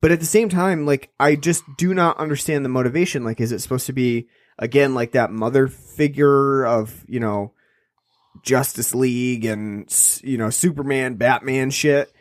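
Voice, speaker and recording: This podcast co-host is a man speaking at a moderate pace in a mid-range voice, captured in studio quality without echo. He casually reviews a film, rambling and restarting frequently amid many fillers.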